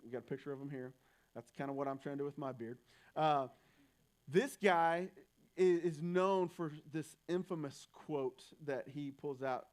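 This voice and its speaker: A man's voice: on the high side, normal speed. A young man preaching a sermon in a church, talking in a loose, conversational way with frequent restarts. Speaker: pastor.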